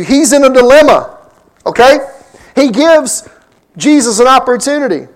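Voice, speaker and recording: A man's voice: very high-pitched, animated, normal speed, pauses often, poor audio. A man preaching a sermon, teaching from scripture verse by verse and acting out the lines he quotes. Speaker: pastor.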